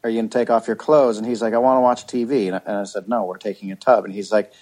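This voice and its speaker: A man's voice: fairly low pitch, steady tone, rapid-fire, a little mellow. A man in his thirties on a casual podcast, telling a long story with lots of restarts and swearing. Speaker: podcast co-host. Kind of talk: casual chat.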